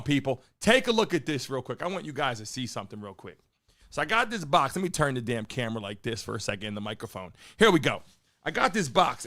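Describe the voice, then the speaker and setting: A man hosting a live streamed talk show, brash and profane, a little hoarse as he talks to his chat. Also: a little high, fairly bright tone. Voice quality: a bit hoarse, froggy. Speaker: host of a live call-in show.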